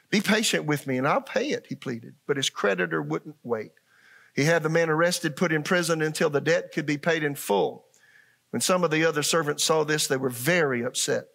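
Gravelly-voiced pastor preaching. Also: male voice, on the high side. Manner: animated preaching, acts out voices, asks the congregation questions. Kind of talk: sermon.

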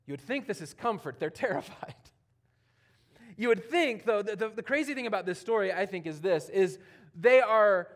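Male pastor, higher voice, animated sermon delivery, casual asides, big swings between loud and soft. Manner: animated, swinging from loud emphatic preaching to quiet near-whispers; conversational, with casual asides and playful quoted voices.

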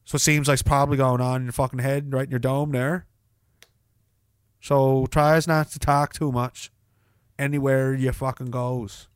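A man's voice: medium pitch, little pitch movement, moderate pace, no room sound, clean studio sound, lightly acted. A man putting on a Nova Scotian accent to play a crude, profane local man who scolds bluntly and rambles. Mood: scolding. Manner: gruff, rambling, heavy swearing.

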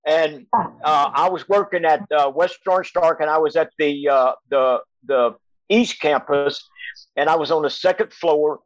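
Older retired coach; high, dry voice; rambling, stop-start storytelling over a video call. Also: male voice, no room sound, rough recording. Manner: halting, repeats words, chuckles as he tells. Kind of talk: storytelling on a casual podcast.

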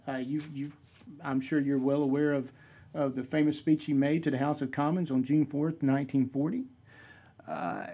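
A man's voice: on the high side, darkish tone, breathy edge. A man preaching a sermon-style talk, emphatic and repeating key phrases for force.

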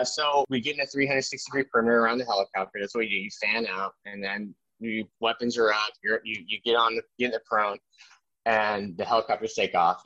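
A man recounts his army days in a loose, animated way, stumbling and restarting as he goes. The recording sounds muffled and lo-fi. The room adds almost no echo. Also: lowish voice. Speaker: army veteran guest. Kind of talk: casual storytelling interview. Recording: dry, dull lo-fi sound.

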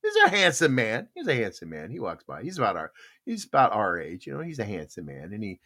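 An older man, a podcast host, telling a casual story in an animated way and acting out the voices of the people in it. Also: on the low side, quick pace. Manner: animated, acts out quoted voices.

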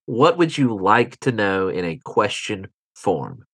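A man's voice: on the low side, big pitch swings, slow pace, few pauses, a bit bright, slightly rough, no room sound. A man acting as game master of a tabletop game, laughing often and making rules calls.

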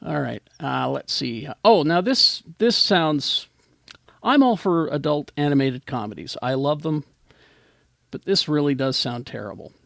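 A man's voice: fairly high pitch, expressive, a little slow, gravelly, fairly bright tone, no echo, clean studio sound. A man hosting a casual live geek-culture chat show, rambling and self-deprecating, laughing often. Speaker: podcast host.

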